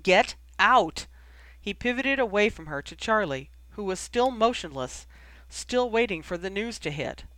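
A reader narrating a fan fiction audiobook in a measured, expressive way. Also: mid-range voice, no room sound.

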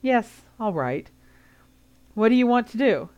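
A woman reader voicing a calm, sensible teenage girl in an audiobook story, speaking reassuringly. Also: on the high side, unhurried, smooth, dull audio, voice pushed up.

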